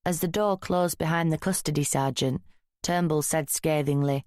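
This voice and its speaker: A woman reading a crime thriller audiobook in a dry, wry, measured first-person narration. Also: deep voice, a little mellow, no room sound.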